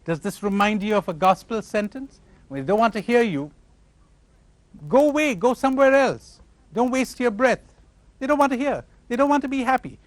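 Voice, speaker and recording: A man giving a spiritual lecture to a live audience, animated and questioning his listeners, acting out imagined replies. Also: sits high, dry recording. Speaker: spiritual teacher.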